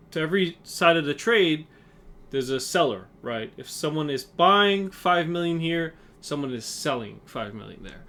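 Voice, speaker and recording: A man's voice: on the high side, fairly bright tone. A man hosting a trading channel, talking through a stock chart in a casual, rambling way with lots of fillers and restarts, a bit out of breath. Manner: chatty, filler-heavy, restarts often. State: slightly out of breath. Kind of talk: casual market analysis.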